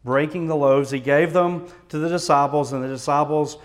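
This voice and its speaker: A man with a Texan accent preaching a sermon as pastor, reading scripture aloud and explaining it with earnest emphasis, moving between loud stresses and quiet, low passages. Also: fairly even intonation, normal speed.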